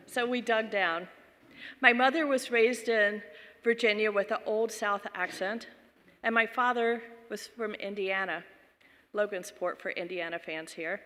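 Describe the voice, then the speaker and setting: A woman's voice: medium pitch, measured pace, bright, forceful tone, big-room sound. A woman minister raised in the American South, telling stories in a folksy sermon with chuckling asides. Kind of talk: sermon storytelling.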